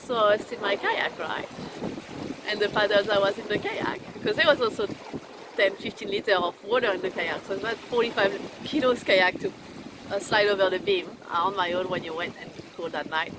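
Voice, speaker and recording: A woman's voice: medium pitch, brisk. A woman vlogger telling a casual, rambling story to camera while steering her sailing boat, swearing freely and laughing between phrases. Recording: wind noise on an open deck.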